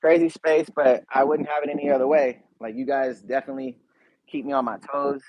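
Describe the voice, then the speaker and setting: A man's voice: medium pitch, little pitch movement, fairly quick, dry recording, muffled recording. Laid-back slangy man chatting. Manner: laid-back, slangy, talks straight to viewers. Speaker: YouTube reaction channel host. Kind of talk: casual livestream chat.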